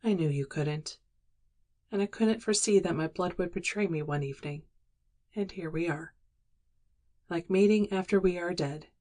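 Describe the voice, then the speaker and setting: A woman reading the lines of a weary, regretful young working-class woman in an audiobook, in a quiet, resigned and wistful manner. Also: lowish voice, moderate pace, pauses often, close to an everyday voice.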